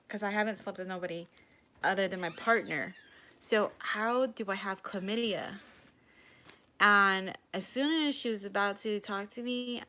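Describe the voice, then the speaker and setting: Animated woman telling a story. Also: on the low side, normal speed, clear, resonant tone. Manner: animated storytelling, acting out quotes. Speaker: vlogger. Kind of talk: casual storytime vlog.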